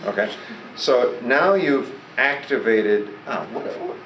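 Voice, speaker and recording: A man's voice: mid-range voice, sing-song, slow pace. A man teaching a class, prompting his students to repeat words and answer his questions. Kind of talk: classroom lesson. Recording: echoey classroom recorded from far off with loud background noise.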